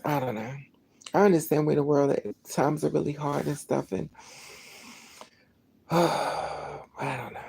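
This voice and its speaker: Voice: mid-range voice, vocal fry, slightly rough. A vlogger telling a personal story in a casual, rambling monologue, acting out the dialogue and often restarting sentences. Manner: rambling, animated, acts out dialogue, many restarts.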